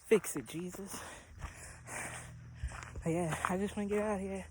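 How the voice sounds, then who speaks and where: A woman out of breath, talking quietly to her camera while hiking an outdoor trail. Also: medium pitch, measured pace, long pauses, background noise. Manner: breathless, quiet, talks between gasps. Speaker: vlogger. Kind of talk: casual vlog chat on a walk.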